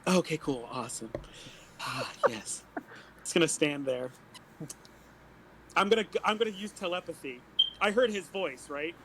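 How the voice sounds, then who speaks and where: High-voiced, giggly man playing a tabletop game. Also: lively intonation, normal speed, long pauses, background noise. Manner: playful, giggly, jokes in character. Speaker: player.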